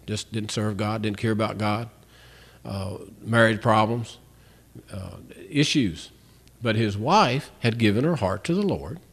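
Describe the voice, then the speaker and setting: A man's voice: fairly low pitch, creaky, slightly rough. A man with a drawl gives a Christian testimony in plain, folksy speech. He tells his stories by acting out both sides of each conversation, often restarting his sentences as he goes. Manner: storytelling, acts out both sides of dialogues. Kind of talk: spoken testimony.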